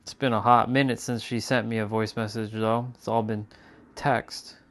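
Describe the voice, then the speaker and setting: A man's voice: lowish voice, little pitch movement, moderate pace, a bit bright. A man chatting casually to viewers on his live stream, rambling and repeating himself as he talks. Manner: rambling, repeats phrases and restarts. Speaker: livestreamer.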